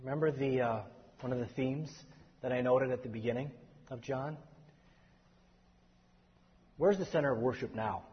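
A man teaching a Bible study class, lively and explaining, calling on the group for answers. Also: mid-range voice, normal speed, pauses often, slightly rough. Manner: animated, takes questions from the class. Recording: echoey hall, dull lo-fi sound.

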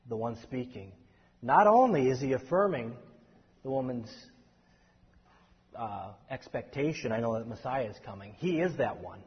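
A man teaching a Bible study class, lively and explaining, calling on the group for answers. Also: mid-range voice, breathy edge. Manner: animated, takes questions from the class. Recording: echoey hall, dull lo-fi sound.

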